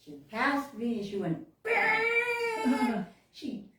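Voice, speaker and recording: A woman minister tells a story during a sermon in a temple hall, speaking with a lilt, laughing often and acting out her own reactions. Her mid-range voice is animated and measured in pace. The recording is very noisy, echoey, and taken from a distant mic.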